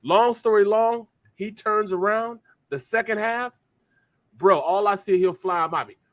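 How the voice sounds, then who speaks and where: A man's voice: sits high, a little slow. A man in his fifties, a former pro football player, telling locker-room stories in casual chat and acting out the voices of the people in them. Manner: animated, acts out the voices of others.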